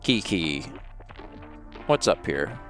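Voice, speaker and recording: A man's voice: deep voice, big pitch swings, takes it slowly, fairly bright tone, soft background music. Chatty man streaming a game. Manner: chatty, talks to himself while playing. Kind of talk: casual gameplay commentary.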